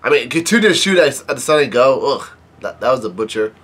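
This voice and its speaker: A man casually reading a comic chapter aloud, halting and often correcting himself. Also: medium pitch, big pitch swings, fairly bright tone, slightly rough. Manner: halting, with many restarts and self-corrections. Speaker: manga reader and video host.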